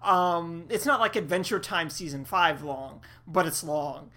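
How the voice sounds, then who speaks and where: Lower-voiced woman, bright and rambling. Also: measured pace. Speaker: podcast co-host. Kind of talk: casual chat.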